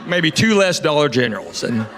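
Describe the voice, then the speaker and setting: A man's voice: a little high, sing-song, moderate pace. A middle-aged man from Tennessee, doing an easygoing stand-up comedy set and bantering with the audience on stage. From Knoxville, Tennessee. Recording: live show with audience noise.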